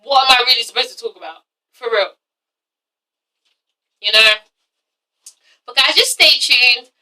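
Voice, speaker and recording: A woman from London, speaking with a London accent, talks a little slowly in a pushed, bright, fairly high voice as she reviews TV shows on her vlog. She has a cold and cough, swears freely, and is blunt, with poor audio recorded from a distance.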